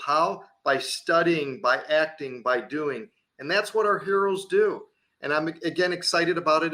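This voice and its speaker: A man's voice: on the high side, sharp tone. A man hosting a radio interview show, upbeat and enthusiastic as he introduces his guest. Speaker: show host.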